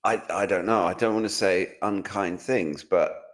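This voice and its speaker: Man, from Britain, lowish voice, opinionated, mocking, casual chat. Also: steady tone, moderate pace. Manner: opinionated, mocking, rambling with restarts. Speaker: co-host, tech commentator.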